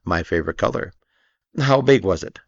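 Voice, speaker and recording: A man voicing a gloomy old male donkey who talks slowly and mournfully, in a storybook reading. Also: deep voice, animated, gravelly, heavily acted. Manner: slow, mournful, dry. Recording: dull lo-fi recording.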